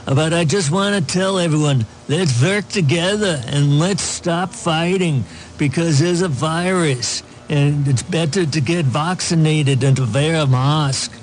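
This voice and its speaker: Guy doing a heavy mock austrian accent, slow and emphatic, lecturing tone. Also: on the high side, slight background noise, close to an everyday voice, low-quality recording. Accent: mock Austrian German. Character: impression of a famous Austrian-born actor-governor, gruff.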